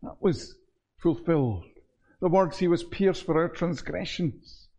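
Man preaching a sermon, mellow tone, slightly raised pitch, earnest and measured, dull lo-fi sound. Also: expressive, slightly rough.

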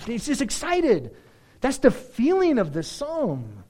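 Animated male preacher, high lively voice. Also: measured pace. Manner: animated preaching, rising to excited emphasis. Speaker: pastor. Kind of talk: sermon.

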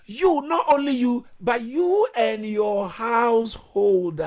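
A male pastor preaching with fervour, shouting exclamations, calling for responses and breaking into tongues. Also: very high voice, slow, hardly any pauses. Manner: speaks in tongues between phrases.

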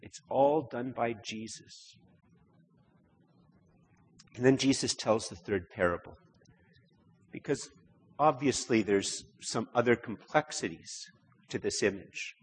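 A man's voice: medium pitch, slow, pauses often, breathy edge. A man preaching a sermon in a conversational way, often repeating words and rising to emphatic stretches. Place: church. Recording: long hall reverb.

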